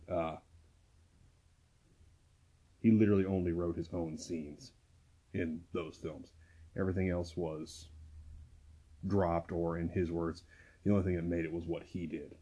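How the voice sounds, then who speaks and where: A man hosting a movie podcast, speaking quietly and carefully close to the mic at home, his voice worn from a recent illness. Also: low-pitched, husky, highs cut off. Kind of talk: casual podcast talk. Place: small home recording room. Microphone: close to the microphone.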